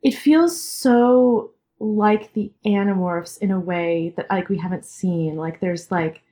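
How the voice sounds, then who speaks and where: A woman co-hosting a casual book podcast, gushing and reacting quickly with laughter. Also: mid-range voice, warm tone. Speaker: podcast co-host.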